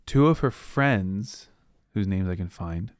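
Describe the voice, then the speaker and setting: A fairly low-pitched man talks through a novel's plot on his podcast, rambling and tossing in quick quoted asides. The sound is dry and close, with no room around him. It comes across as relaxed recap chatter from home. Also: no room sound. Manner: rambling, retells scenes with loose quoted asides. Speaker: podcast host. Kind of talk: casual book recap.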